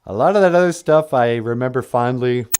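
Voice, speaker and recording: A man's voice: medium pitch, brisk, darkish tone, clear, resonant tone. A man hosting a puppet podcast outdoors in the woods, rambling casually and chuckling.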